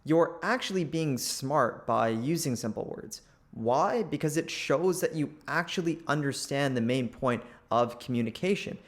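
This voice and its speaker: A channel host giving an instructional talk, speaking deliberately with crisply clipped word endings. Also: medium pitch, animated.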